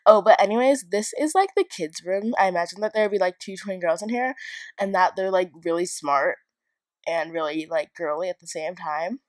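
A woman's voice: mid-range voice, expressive, moderate pace, no room sound. A young woman giving a casual narrated tour of a game build, rambling and chatty, often joking at her own expense. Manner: rambling, chatty and self-mocking. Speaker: video game builder and YouTuber.

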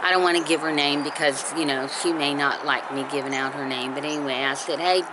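A woman with a low, deep-set voice spins a homey story from her porch, chatty and looping back over her words. She chuckles at her own tale. Steady noise hums under the recording. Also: a little fast. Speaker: storytelling vlogger. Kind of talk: casual storytelling. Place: home porch.

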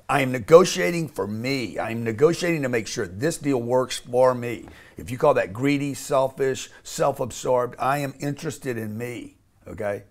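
A man speaking as an interview guest, blunt and emphatic, often restarting and swearing casually. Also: medium pitch.

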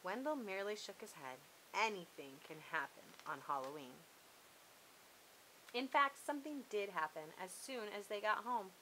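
A woman reads a children's story aloud with a lively, expressive delivery. Her voice is bright and clear in the middle range. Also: mid-range voice, moderate pace, slight background noise, low-quality recording.

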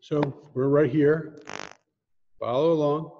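A man teaching Hebrew prayers in an online lesson, patiently explaining how the words are said and chanting the prayer lines. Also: fairly high pitch. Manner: patient, explains pronunciation slowly. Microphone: screen-sharing video call. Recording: dull lo-fi audio with long reverb.

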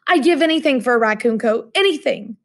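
A woman's voice: on the high side, animated, fairly quick, gravelly, a bit bright. A woman voicing a young male college student who wails and pleads about following a fad. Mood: pleading. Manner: wailing, pleading.

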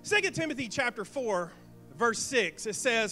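High, bright-voiced energetic male preacher. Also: moderate pace, faint music behind. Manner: energetic, asks the crowd questions and acts out quips. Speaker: pastor. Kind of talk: sermon. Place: church sanctuary.

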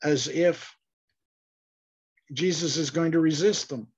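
A man's voice: fairly high pitch, takes it slowly, breathy edge, dull audio. A man teaching an online Bible class, speaking thoughtfully with frequent fillers and restarts.

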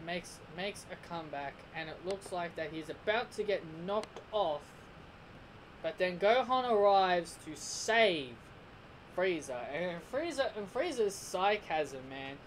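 A man's voice: high-pitched, a little hiss or hum, poor audio. Rambling, amused male reviewer. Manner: rambling, frequent restarts and repeats; amused, laughs often. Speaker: anime episode reviewer. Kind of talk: casual spoken review.

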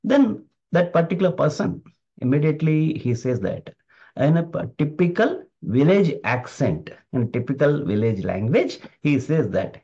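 Motivational speaker, man, fairly high voice, emphatic and repetitive. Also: sing-song, normal speed, dark tone. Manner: emphatic, repeats key phrases. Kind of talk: motivational talk. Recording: dull lo-fi recording.

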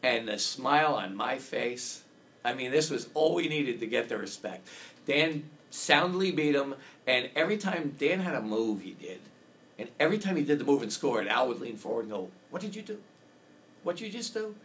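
A man recounts a story with eager energy in a relaxed interview. His voice sits in a middle pitch, and he acts out what people said. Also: moderate pace. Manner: enthusiastic storyteller, acts out quotes. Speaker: game designer, interview guest.

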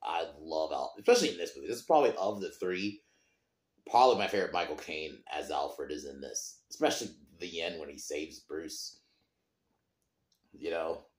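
A man's voice: extremely low pitch, moderate pace, roomy sound. A man hosting a podcast, chatting casually about a film, rambling with loose swearing and trailing restarts. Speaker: podcast host. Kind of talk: casual film review chat.

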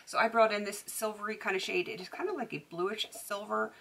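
A woman's voice: medium pitch, steady tone, brisk, a bit bright. A woman beauty vlogger chatting casually to camera, talkative, with frequent laughs and filler words.

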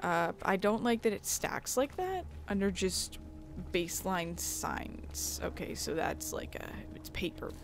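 A woman's voice: medium pitch, sing-song, measured pace, vocal fry, noisy background. Female gaming host: casual rambling play commentary, mid-range voice, swears at the game.

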